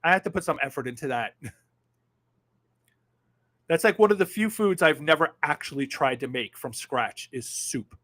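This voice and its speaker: A man in his fifties hosting a casual livestream, reading viewer comments in a sardonic, animated way that swings from muttering to loud outbursts and swears freely. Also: on the high side, moderate pace, long pauses. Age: 50s. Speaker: livestream host.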